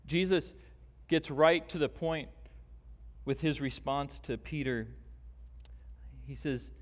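Male pastor preaching slowly in a church, deliberate with long emphatic pauses, reverberant hall sound. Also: a little high. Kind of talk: sermon.

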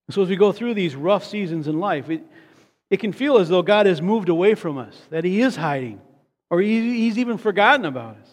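A man preaching a sermon earnestly, often repeating a word as he builds to a point. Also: a little high. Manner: earnest, repeats words when stressing a point. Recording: long hall reverb.

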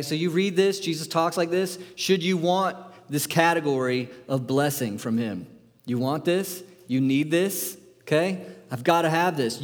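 A man preaching a sermon, firing rhetorical questions at the congregation in an animated, emphatic way. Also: on the high side, in a large hall. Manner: asks the audience many questions, animated and emphatic. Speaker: pastor.

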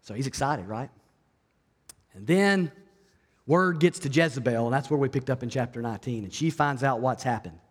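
A man preaching a sermon as pastor, telling the story in an animated way and acting out the voices. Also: mid-range voice, normal speed, husky, big-room sound.

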